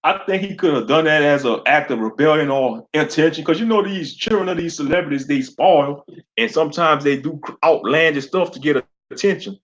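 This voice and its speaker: Male stream commentator, blunt and slangy, laughs a lot, slightly high voice. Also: brisk, fairly bright tone. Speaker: online commentator.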